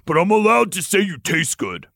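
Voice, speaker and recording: A man voicing a smug, teasing male lover in a comedic dramatic reading, husky and hammy. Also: high-pitched, sing-song, normal speed, fairly bright tone, no room sound, studio quality, pitched above the performer's own voice, exaggerated voice. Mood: seductive, teasing.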